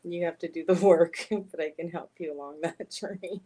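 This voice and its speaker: A soft-spoken woman who reads oracle cards, chatting gently and laughing often on a live stream. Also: on the low side, steady tone, normal speed, rough recording. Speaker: oracle card reader and spiritual guide. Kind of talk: casual live-stream chat.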